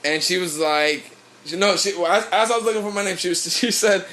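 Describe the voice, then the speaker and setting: A man's voice: sits high, brisk, bright, forceful tone. A young man, a podcast co-host, telling a loose, rambling story in casual chat, swearing freely.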